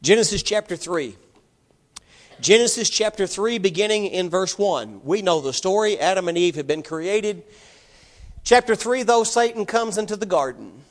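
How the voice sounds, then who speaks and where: A man's voice: high voice, expressive, moderate pace. A man preaching a sermon to his congregation, putting emphatic rhetorical questions to them. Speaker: pastor.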